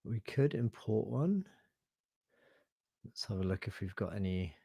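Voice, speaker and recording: A man presenting a live online software demo, thinking aloud in a relaxed, hesitant way with fillers and self-corrections. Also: on the low side, measured pace, creaky, slightly rough, no echo. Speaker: webinar presenter.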